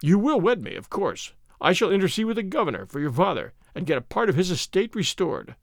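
A man's voice: sits high, big pitch swings, brisk, creaky, no room sound, studio quality, exaggerated voice. A man reading a storybook, voicing an arrogant, bullying army captain with a mocking, sneering manner. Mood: domineering.

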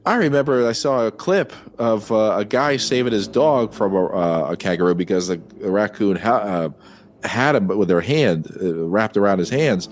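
Low-voiced male co-host, hesitant, filler-heavy movie chat. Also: lively intonation, normal speed. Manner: rambling, hesitant with many fillers. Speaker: podcast co-host. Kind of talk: casual movie review chat.

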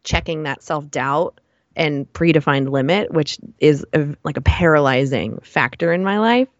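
A chatty woman guest, telling stories in a relaxed interview and laughing often. Her voice sits low. The sound is dull and dry, with no room echo. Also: normal speed. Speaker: guest, running blogger. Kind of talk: casual interview chat.

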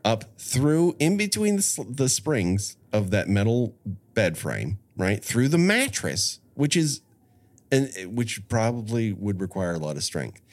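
A man's voice: fairly low pitch, big pitch swings, a little slow. A middle-aged man hosting a podcast, chatting casually and explaining things at length with frequent restarts. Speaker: podcast host. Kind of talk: casual chat.

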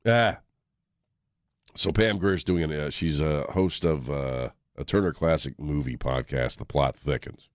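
A man's voice: a bass voice, measured pace, no echo, clean studio sound. A man hosting a talk radio show, joking and laughing in a laid-back way. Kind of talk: casual talk radio banter. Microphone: studio mic.

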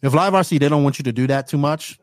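A young man from Bermuda with a fairly high voice, talking as a race commentator being interviewed on a podcast. He tells his stories in an animated, excitable way and acts out his own reactions. The sound is dry and close. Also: fast, no echo. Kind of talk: casual interview storytelling.

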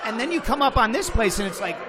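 A man hosting a podcast interview, enthusiastic and quick with short affirmations. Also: very high voice, big pitch swings, a loud crowd. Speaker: podcast host. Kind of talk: casual interview conversation.

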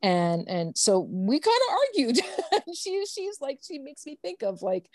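A woman's voice: high voice, huge pitch swings, a little slow, a little mellow, dry recording. A woman guest telling a personal story candidly and bluntly, swearing freely and laughing easily.

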